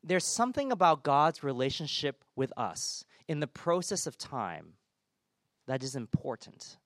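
A man's voice: fairly high pitch, sing-song, unhurried, fairly bright tone, no echo, studio quality. A man giving a conversational sermon as a pastor, informal with self-deprecating humor.

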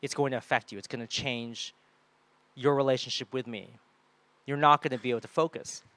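A man preaching a sermon in a lively way, often acting out the people and voices he quotes. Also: medium pitch, fairly quick, no echo. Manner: animated, acts out quoted voices.

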